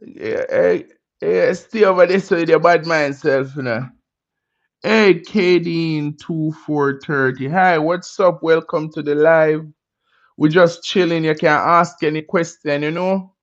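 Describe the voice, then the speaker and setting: Laid-back slow-talking man streaming. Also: fairly high pitch. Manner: laid-back, greets chat with Jamaican slang. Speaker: livestream host. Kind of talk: casual livestream chat with viewers. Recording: dull lo-fi stream audio.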